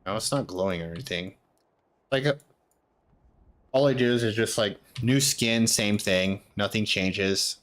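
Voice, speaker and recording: A man's voice: lowish voice, measured pace, pauses often, a bit bright. A young man streaming a game, muttering to himself and rambling with lots of fillers in casual commentary.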